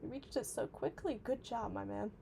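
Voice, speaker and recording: Woman streamer rambling to chat, bit of vocal fry, faint hum behind. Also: on the high side, moderate pace, mellow. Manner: chatty, reads chat aloud, many fillers. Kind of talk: casual livestream chat.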